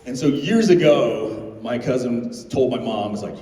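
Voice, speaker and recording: A man's voice: medium pitch, moderate pace. A middle-aged man telling comedy stories on a convention stage, laughing and acting out the voices of people in his stories. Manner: animated, laughing, acts out quoted voices. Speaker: stand-up comedian. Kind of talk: stand-up storytelling. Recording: echoey hall from far off.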